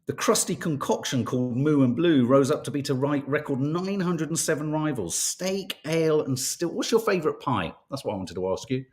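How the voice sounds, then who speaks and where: A man's voice: on the high side, lively intonation, fairly quick, few pauses, darkish tone. A man hosting a casual live chat, reading newspaper stories and viewer comments in a chatty, irreverent way, swearing now and then. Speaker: host.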